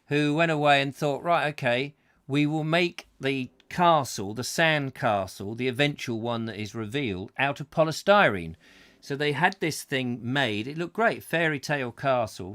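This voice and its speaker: A man's voice: fairly high pitch, fairly bright tone. Rambling man hosting a live show. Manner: rambling, self-mocking, full of fillers and asides. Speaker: host of a live chat show. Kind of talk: comic rambling live chat.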